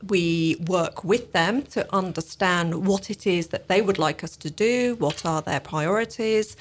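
Measured woman civil servant explaining. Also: on the low side, slight background noise. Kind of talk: radio interview.

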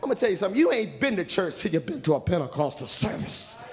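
Animated preacher, echoing hall. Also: male voice, high-pitched, fast. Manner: animated, humorous, shouting preacher. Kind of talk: storytelling sermon. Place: church. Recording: echoey church hall.

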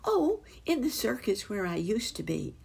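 A woman voicing a small, friendly male circus poodle in a storybook, with an eager, high and breathy little voice. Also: huge pitch swings, moderate pace, darkish tone, exaggerated voice.

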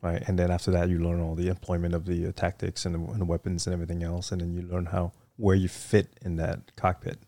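Deep gravelly man, casual storyteller. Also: fast, hardly any pauses, dry recording. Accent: Vietnamese. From Vietnam. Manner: relaxed, rambling, heavy fillers like "you know". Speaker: interview guest, retired Marine fighter weapons officer.

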